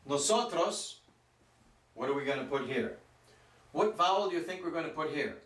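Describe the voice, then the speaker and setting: A man teaching a Spanish grammar lesson, speaking slowly and stretching out words to show their pronunciation. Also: a little high, lively intonation, fairly bright tone. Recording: roomy echo, mic some distance off.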